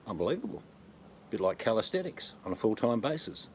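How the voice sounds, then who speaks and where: A man's voice: fairly low pitch, sing-song, a little fast, a little hiss or hum. A man chatting casually as a host, telling rambling stories with jokes. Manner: rambling, joking storyteller. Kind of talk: casual chat.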